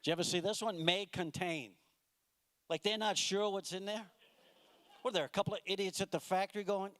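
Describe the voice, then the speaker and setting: A man's voice: sits high, steady tone, fairly quick, fairly bright tone. A man doing a stand-up comedy routine on a stage mic, exasperated and mocking, acting out the people in his jokes. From United States. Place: comedy club stage with a live audience.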